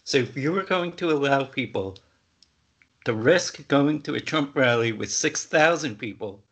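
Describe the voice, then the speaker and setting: A young man co-hosting a casual debate, calm and teasing as he pushes back. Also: mid-range voice, normal speed. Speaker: co-host.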